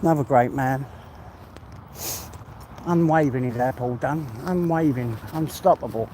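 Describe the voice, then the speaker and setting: A man's voice: medium pitch, moderate pace, mellow, slight background noise, rough recording. An English man rambling in a heartfelt way as he walks outdoors, a little out of breath. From England. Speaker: vlogger. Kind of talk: casual walk-and-talk monologue. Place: outdoors on a walk.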